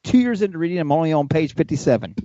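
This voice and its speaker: A man's voice: a little high, big pitch swings, very fast, warm tone, no room sound, dull audio. A man in his fifties with a Southern accent, co-hosting a radio show, blunt and joking, with casual swearing. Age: 50s. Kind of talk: casual chat.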